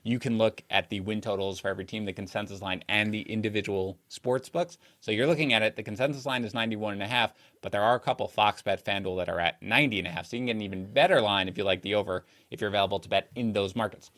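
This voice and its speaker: A man's voice: lowish voice, quick pace, hardly any pauses, a bit bright. A man co-hosting a sports betting podcast, talking casually and analytically, laughing easily between points.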